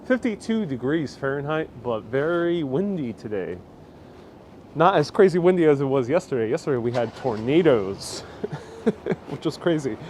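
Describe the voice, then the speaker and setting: This live walking tour is hosted by a friendly, talkative New Yorker with a New York accent, who responds aloud to viewer comments while strolling a windy city street outside. His voice is mid-range with a darkish tone, set against faint street sounds and passing cars.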